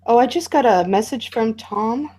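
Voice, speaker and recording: A woman's voice: a little high, expressive, normal speed, warm tone. A woman taking part as a guest in a casual online discussion over a video call, speaking wryly and hesitantly. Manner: wry, hesitant, reads aloud from posts.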